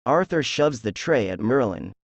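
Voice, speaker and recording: A man reads a drama transcript aloud, calling out character names and stage directions. His delivery is flat and level, with a gravelly edge. The recording is dry and close. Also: medium pitch, normal speed, dry recording. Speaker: script reader.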